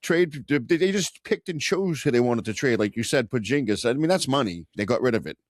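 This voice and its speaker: A man's voice: medium pitch, lively intonation, brisk, no echo, studio quality. A man co-hosting a casual sports podcast, opinionated and swearing, with hype-man asides. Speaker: podcast co-host.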